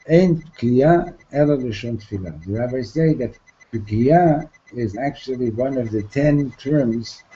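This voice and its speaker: A man's voice: mid-range voice, dark tone, highs cut off. A man giving an informal Torah class. He often repeats himself, asks "right?" and mixes in Hebrew terms that he then translates. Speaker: Torah teacher.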